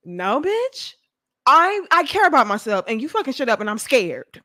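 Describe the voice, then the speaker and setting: A young adult woman, delivering a profane, animated commentary rant and acting out mocking voices. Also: high-pitched, moderate pace. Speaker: commentary host. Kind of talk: ranting commentary monologue.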